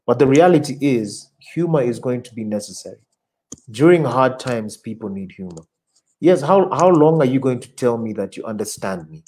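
A man's voice: medium pitch, low-quality recording. A man, an advertising creative director, answering audience questions in a casual interview, talking animatedly and often repeating words as he looks for the next one. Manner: animated, repeats words while searching for them.

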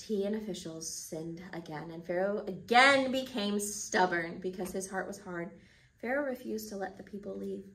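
A woman teaching children, telling a Bible story in an expressive, dramatic way. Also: mid-range voice, distant mic, low-quality recording.

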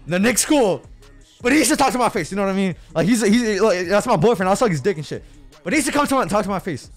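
A young man streams and talks to his chat in an erratic way, lurching from shouted rants to mumbled asides. His voice sits a little high and jumps all over the place, with faint music playing underneath. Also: lively intonation, fast talker. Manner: erratic, swings between yelling rants and mumbling. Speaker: livestreamer. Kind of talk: casual livestream chat.

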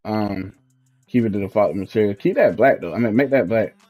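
A man's voice: fairly low pitch, fairly quick, phone-quality sound, a little hiss or hum. A young man hosting a casual gaming walkthrough, talking in a laid-back, slangy way and trailing off while he thinks. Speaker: gaming video host. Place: at home, in his fiancée's house.

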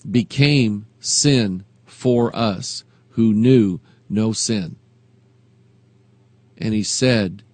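A man preaching a sermon as pastor, moving between quiet reflection and rising, emphatic delivery. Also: medium pitch, dry recording.

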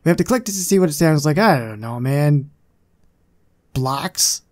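A man's voice: a little high, animated, normal speed, darkish tone. A man hosting a gaming channel, giving casual gameplay commentary in a chatty, self-deprecating way with muttered asides.

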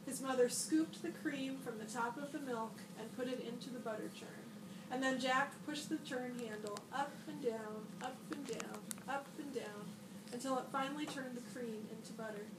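A school librarian, a woman, reading a picture book aloud to children with lively, expressive delivery and bright shouted lines for the boy. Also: a little high, normal speed. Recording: echoey room, voice a bit far from the mic, audible noise.

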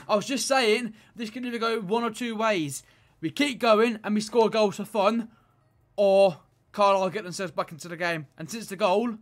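A man giving excited video game commentary, swinging from muttered pleading to loud shouting. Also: high-pitched. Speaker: gaming video creator.

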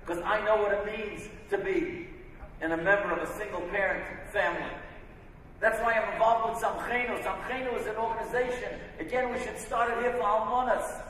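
A man's voice: high-pitched, fairly even intonation, fairly quick, a bit bright, slight background noise. A man, a rabbi, giving an inspirational sermon, telling stories emphatically. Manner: storytelling, emphatic. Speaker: rabbi and speaker. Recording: echoey hall from far off.

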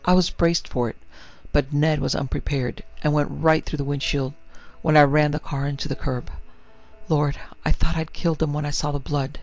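Headstrong young woman played by a man, urgent, emotional, slightly high, muffled. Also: flat delivery, moderate pace, faint music behind, close to an everyday voice. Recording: dry, slightly muffled recording.

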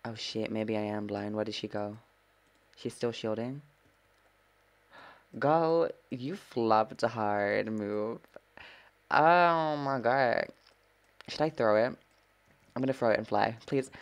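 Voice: medium pitch, a bit bright. A gameplay streamer giving live commentary, full of sassy trash talk, swearing and dramatic gasps.

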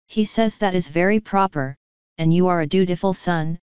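A woman reading an audiobook, voicing a formal, unctuous high priest. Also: moderate pace, darkish tone, clear, resonant tone, no room sound, dull audio, lightly acted. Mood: soothing. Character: solemn older male high priest, smooth and controlling.

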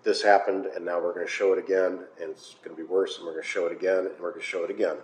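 American man, pastor teaching bible study, low voice, roomy echo, faint hiss. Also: flat delivery, racing. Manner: conversational, with filler uhs and wry asides. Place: church hall. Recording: echoey room, faint noise.

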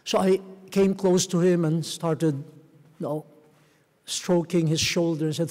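A middle-aged man from the Philippines, a cardinal, giving a gentle storytelling talk with soft chuckles to a theatre audience. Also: a little high, fairly even intonation, measured pace. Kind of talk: homily-style talk to a live audience. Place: large theatre. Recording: long reverb of a large theatre.

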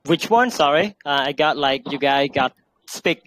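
A man's voice: on the high side, animated, moderate pace, fairly bright tone, poor audio. A man hosting an online English Q&A on a video call, chatty, with many fillers and frequent laughs. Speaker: host.

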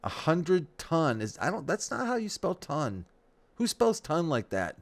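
A man's voice: on the high side, wildly swooping pitch, a little slow, creaky. A man hosting a let's play, rambling casually about his life while thinking aloud through the game. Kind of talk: casual gameplay commentary. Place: at home, near the Great Lakes.

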